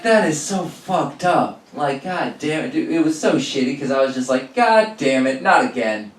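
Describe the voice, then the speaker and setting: A young adult man spins a profane stand-up story, jumping into the voices of the people in it. His pitch sits in the middle. He sounds roomy and set back from the mic. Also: far from the mic. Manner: profane, animated storytelling with acted-out quotes. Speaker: stand-up comedian.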